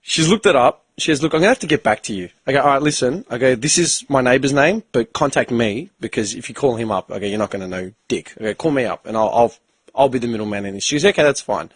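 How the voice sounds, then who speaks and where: Husky Australian man telling stories. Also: medium pitch, fast, no room sound. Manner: profane, animated storyteller who acts out both sides of conversations. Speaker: podcast host. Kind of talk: casual storytelling chat.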